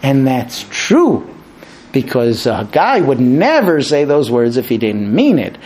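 A man giving a lecture, animated, acting out quoted exchanges in raised voices. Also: medium pitch, slow pace, slight background noise. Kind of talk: spoken lecture to an audience.

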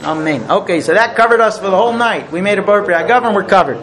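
High-voiced man teaching a mock Seder. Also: lively intonation, very fast, a crowd in the background. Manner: explains terms, chants Hebrew blessings, jokes with class. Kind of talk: teaching with chanted blessings. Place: room with a group.

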